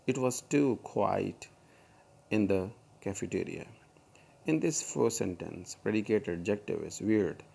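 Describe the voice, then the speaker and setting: Low gravelly male grammar teacher. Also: a little mellow. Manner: explains slowly with fillers, addresses students. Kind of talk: recorded grammar lesson.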